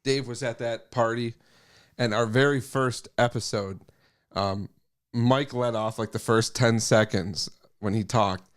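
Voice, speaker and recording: A man's voice: medium pitch, fairly even intonation, a little slow, smooth. Laughing storytelling guy on a podcast. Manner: laughing storyteller, mimics friends. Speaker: podcast co-host of another show. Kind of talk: casual chat.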